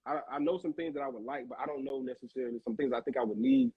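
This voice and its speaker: A man's voice: medium pitch, racing, slightly rough, highs cut off. A man hosting a casual discussion, talking in a rambling, searching way and often repeating himself. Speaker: host. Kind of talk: casual faith-minded discussion.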